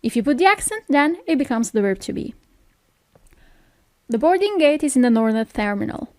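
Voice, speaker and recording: A woman with an Italian accent, teaching phrases in a patient lesson, saying each one slowly and repeating it. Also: fairly high pitch, lively intonation, a little mellow, no echo, studio quality. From Italy.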